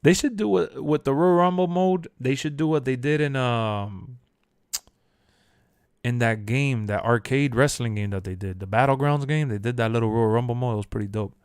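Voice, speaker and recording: A young man live-streaming and chatting to his viewers in loose, slangy speech. His voice sits at an ordinary middle pitch and is recorded close and dry, with no room sound. He keeps laughing and leaps into loud, animated shouts whenever he quotes someone. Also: moderate pace, smooth, no echo. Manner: animated, jumps to shouts when quoting; loose slangy talk, answers chat, laughs often. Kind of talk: casual live-stream chat.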